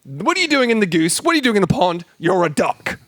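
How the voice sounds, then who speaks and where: A man's voice: sits high, very animated, fast, fairly bright tone, dry recording, clean studio sound, pitched above the performer's own voice. A man doing a mocking impression of a male late-night talk host, with a repetitive lecturing cadence.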